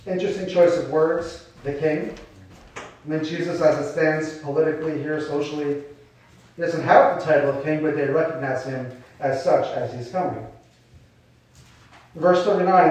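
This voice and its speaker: Guy preaching, kinda high voice, big echoey church room, mic a bit far off. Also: normal speed, pauses often, darkish tone. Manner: explains scripture in a casual, conversational way with rhetorical questions. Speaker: pastor. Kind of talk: sermon.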